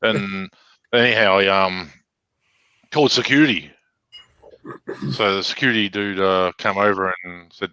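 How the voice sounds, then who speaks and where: A bright, forceful Australian man spins a rowdy story full of swearing and acted-out dialogue. His voice is dry and close, with a dull, lo-fi sound to the recording. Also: on the low side, expressive, normal speed, pauses often, no room sound. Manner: profane, acts out quoted exchanges. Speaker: podcast guest. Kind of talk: casual storytelling.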